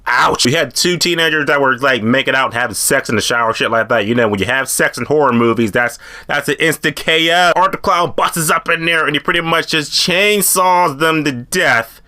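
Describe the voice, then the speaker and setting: A man excitedly retelling horror movie kills in a casual discussion, graphic and profane. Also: on the high side, a little fast, hardly any pauses.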